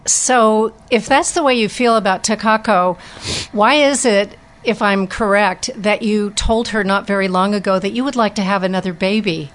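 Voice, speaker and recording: A woman's voice: medium pitch, moderate pace, a little hiss or hum. Woman hosting a local interview. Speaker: talk show host. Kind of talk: interview questions.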